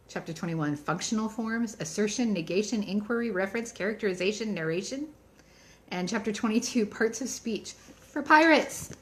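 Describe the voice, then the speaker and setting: Woman author chatting on a livestream, kinda low voice, excited, lots of ums. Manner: chatty and enthusiastic, reads out book titles, frequent ums. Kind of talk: casual live-streamed book chat.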